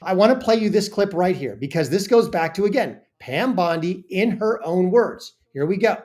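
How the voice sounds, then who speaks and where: A woman's voice: lowish voice, animated, moderate pace, a little mellow. Indignant woman commentator. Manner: indignant, emphatic, with frequent restarts. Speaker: political commentary host. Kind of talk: reaction commentary.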